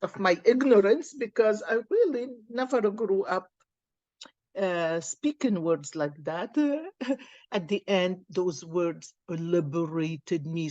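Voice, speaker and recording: Woman card reader, casual spiritual chat, slow and earnest, dry close mic. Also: mid-range voice, darkish tone, no echo, lo-fi sound.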